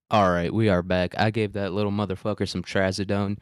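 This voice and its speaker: A young man rambles through a casual, profanity-laced rant at home, chuckling between thoughts. His voice sits fairly low and comes across smooth and resonant, in a dry, close recording. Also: little pitch movement, fairly quick, dry recording. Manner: profane, rambling, laughs often. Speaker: podcast host. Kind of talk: casual ranting monologue.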